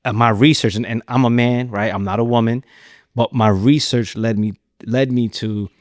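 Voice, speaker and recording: A man's voice: medium pitch, steady tone, moderate pace, darkish tone, no echo, studio quality. A man hosting a podcast interview, reflective and conversational, often restarting and repeating words. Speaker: podcast host.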